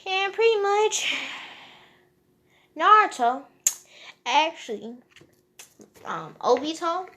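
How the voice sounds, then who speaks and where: A woman's voice: very high voice, big pitch swings, takes it slowly, pauses often, sharp tone. A woman casually retelling a fan-made story off the cuff, rambling with lots of fillers and joking asides.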